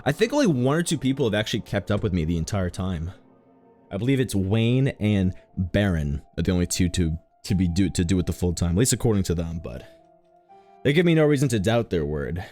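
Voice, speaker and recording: A man's voice: low voice, sing-song, fairly quick, a little mellow, faint music behind. A man streaming a game, chatting casually in a rambling, joking, self-mocking way. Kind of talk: casual live-stream commentary.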